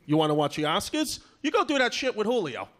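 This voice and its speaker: A man impersonating his gruff, suspicious older father in a stand-up bit. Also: high voice, big pitch swings, fast talker, very noisy, pitched above the performer's own voice. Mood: accusing. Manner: accusing, teasing. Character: gruff, suspicious older New York dad.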